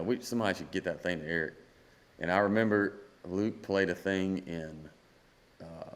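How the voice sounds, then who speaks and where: A man in his thirties, a country singer-songwriter guest, telling a story and acting out the dialogue. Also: deep voice. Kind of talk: storytelling in a podcast interview.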